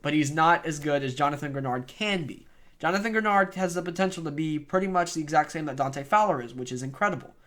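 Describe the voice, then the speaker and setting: Ranting young man, fairly high voice. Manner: opinionated, animated, ranting. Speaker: sports fan vlogger. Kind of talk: unedited sports rant.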